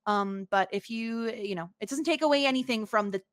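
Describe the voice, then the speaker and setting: A woman co-hosting a podcast, talking in a casual, halting way with lots of fillers. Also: fairly high pitch, no room sound. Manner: halting, filler-heavy, earnest. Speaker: podcast co-host. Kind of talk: casual chat.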